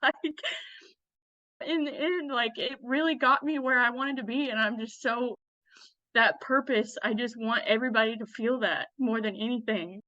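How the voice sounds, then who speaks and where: A woman guest telling her story in casual conversation, animated and blunt, laughing often. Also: fairly high pitch, moderate pace, no echo. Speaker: guest, Western fashion influencer. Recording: dull lo-fi dry sound.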